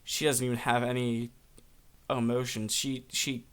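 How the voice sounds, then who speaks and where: A man hosting a podcast, casually retelling an episode with animated storytelling and frequent fillers. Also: mid-range voice, a little slow, smooth. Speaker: podcast host.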